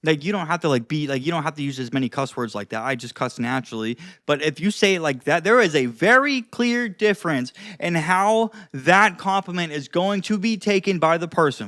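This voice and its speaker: A man's voice: on the high side, animated, brisk, few pauses, a bit bright, dry recording, clean studio sound. A young man giving casual advice on social skills, loose and chatty with lots of fillers and some cussing. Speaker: social skills video host. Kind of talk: casual advice talk to camera. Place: seated indoors.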